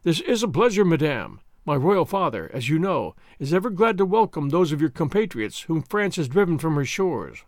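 A man's voice: on the high side, very animated, moderate pace, few pauses, no room sound, clean studio sound. A man voicing a regal male prince with a courtly, drawling manner. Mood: gracious. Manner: courtly, drawling, alternately cold and gracious.

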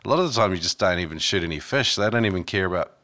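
Bright-voiced man chatting loosely. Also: sits low, expressive, racing. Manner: loose, conversational, trails off and restarts. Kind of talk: casual chat.

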